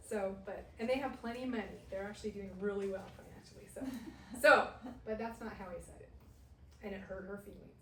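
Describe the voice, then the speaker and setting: Middle-aged woman Bible teacher, lively laughing storyteller, heard from a distance in an echoey church room with faint hiss. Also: mid-range voice, fairly quick. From Southern California. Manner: lively storyteller who laughs and acts out quotes.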